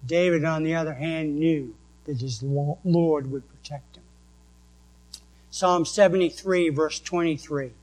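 Slow-reading New England pastor. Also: male voice, fairly high pitch, a little mellow, poor audio. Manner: slow, deliberate reading of verses. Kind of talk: sermon with scripture reading.

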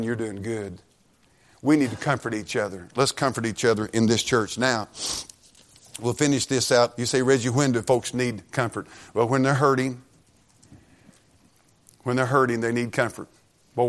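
A middle-aged man preaching a sermon, telling rambling, folksy stories full of repeats and restarts. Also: medium pitch.

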